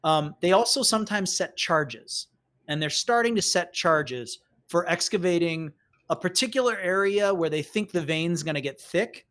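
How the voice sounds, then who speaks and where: A man running a tabletop game as game master, his voice a bit higher than average. He narrates in a rambling, animated way, full of "like" and "um.". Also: normal speed. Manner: rambling, filler-heavy, animated.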